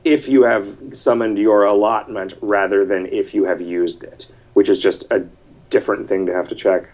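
A fairly low-voiced man hosts a casual podcast over an online call. He rambles, breaks off mid-sentence and reads listener messages aloud. The audio comes through dull and lo-fi. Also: steady tone, normal speed, a little mellow. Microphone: computer mic over an online call.

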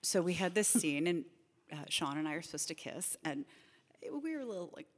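A middle-aged woman, a guest in a casual podcast conversation, telling animated, self-deprecating stories. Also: fairly low pitch, a little fast, in a large hall.

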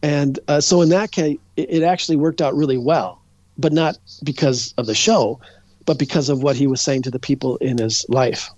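A man's voice: medium pitch, steady tone, normal speed, darkish tone, no room sound. An older man from Minnesota, a guest psychic rambling through stories in casual interview talk, restarting his sentences often. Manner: rambling, with many restarts and fillers. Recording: dull, dry lo-fi sound.

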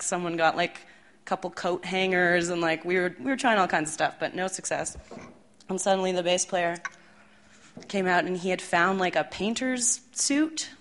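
A woman's voice: lowish voice, fairly bright tone, slight background noise. A woman telling a tour story live on stage, chatty and laughing, with lots of fillers.

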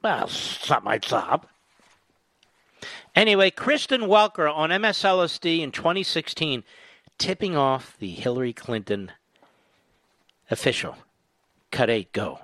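A man's voice: a little high, big pitch swings, measured pace, long pauses, bright, forceful tone, dry recording, clean studio sound. A middle-aged man hosting a political talk radio show, delivering a mocking, sarcastic monologue.

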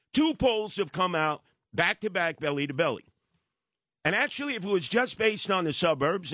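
Brief: fiery New radio host, a man with a highish voice, sarcastic and animated, dry close mic. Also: no room sound. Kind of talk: opinionated radio monologue.

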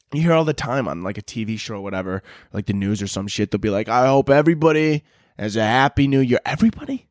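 A man's voice: on the low side, a little mellow, dry recording, studio quality. A young man hosting a podcast, ranting in a crude, rambling comedic monologue and laughing often. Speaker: podcast host.

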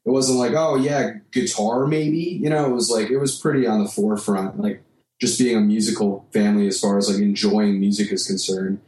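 A man's voice: on the low side, steady tone, brisk, a little mellow. A man from Michigan, a guest musician, chatting casually and rambling with a self-deprecating streak. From Michigan, United States. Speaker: guest musician, singer and guitarist. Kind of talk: casual podcast conversation. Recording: roomy echo.

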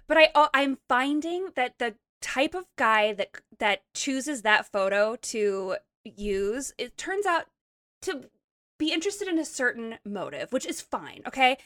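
Woman from montana spilling a dating story, kinda high voice, dry close sound. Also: measured pace, no echo. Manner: animated storytelling, quotes people in playful voices. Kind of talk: casual chat.

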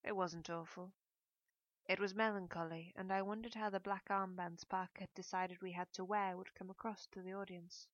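A woman reading a novel aloud in the first person, in a measured, melancholy storytelling manner. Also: medium pitch, flat delivery, a bit bright, no echo. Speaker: audiobook narrator. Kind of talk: first-person audiobook narration. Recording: dull, dry audiobook recording.

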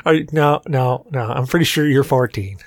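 A man's voice: mid-range voice, normal speed, no room sound. A man hosting a podcast, teasing his guests in crude joking banter. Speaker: podcast host.

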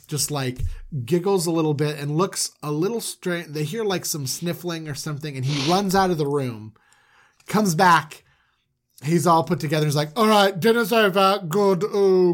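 A man casually retelling an old story in a joking, animated way with quick asides. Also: fairly high pitch.

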